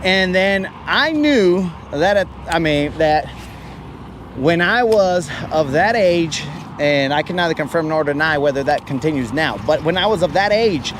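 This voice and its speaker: A man's voice: fairly high pitch, expressive, a little slow, a bit bright, slight background noise. A man telling a funny story in a casual, self-mocking way, acting out the voices of the people in it. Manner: joking, self-mocking, acts out quoted voices. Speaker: podcast host. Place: outdoors, fishing from a kayak.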